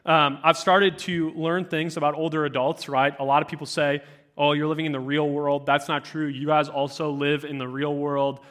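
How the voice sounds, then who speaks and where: Casting: young male youth speaker, bright tone, slightly high voice, chatty storytelling sermon. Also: normal speed. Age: 20s. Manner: animated storytelling, many fillers.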